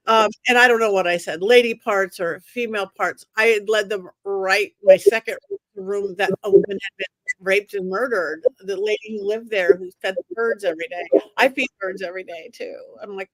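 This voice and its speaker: Woman medium as guest, lively storyteller who acts out the voices, dry close sound. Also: medium pitch, normal speed, no echo. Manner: expressive, acts out quoted voices. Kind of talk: animated storytelling.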